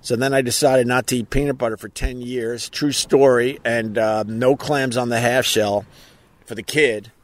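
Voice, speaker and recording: A man's voice: mid-range voice, fairly even intonation, normal speed, no room sound. A man hosting a casual outdoor live stream, rambling and joking while reading out viewer comments. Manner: rambling, jokey, reads viewer comments aloud. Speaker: podcast host.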